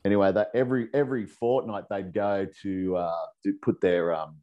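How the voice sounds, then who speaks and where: Deep-voiced Australian man telling crude stories. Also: normal speed, lo-fi sound. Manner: profane, rambling, animated storyteller. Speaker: podcast guest. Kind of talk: casual storytelling.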